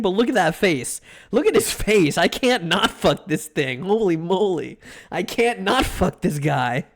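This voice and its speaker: A man live streaming, chatting casually and playfully with crude jokes and sudden jumps in pitch. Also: lively intonation, normal speed. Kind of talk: casual chat.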